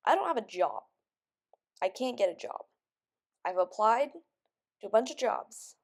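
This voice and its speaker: A woman's voice: mid-range voice, very animated, slow, vocal fry, long pauses. A young woman venting in a rambling vlog, frustrated and stressed, sounding close to tears and just woken up. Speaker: vlogger.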